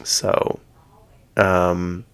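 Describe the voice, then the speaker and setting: Man, very low voice with fry, casual gossip host recapping reality shows, loose and rambling. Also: little pitch movement, drawn-out words, a bit bright. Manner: chatty, rambling, heavy use of "like". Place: at home.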